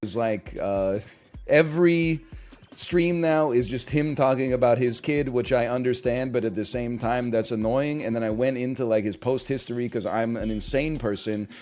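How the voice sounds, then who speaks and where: A man's voice: mid-range voice, moderate pace, a little mellow, faint music behind. A young man streaming games, chatting casually in a sarcastic, profane, ranting way. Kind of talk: casual gaming stream chat.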